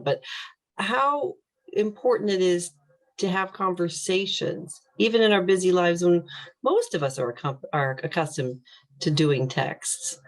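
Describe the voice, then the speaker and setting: A woman hosting a podcast interview, who adds thoughtful points and asks follow-up questions. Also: fairly low pitch. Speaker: podcast host.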